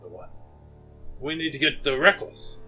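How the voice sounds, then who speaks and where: A man's voice: a little high, lively intonation, normal speed, pushed and bright, dull audio, soft background music. A man playing a tabletop game, chatting casually, musing aloud and laughing often with the group. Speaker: player.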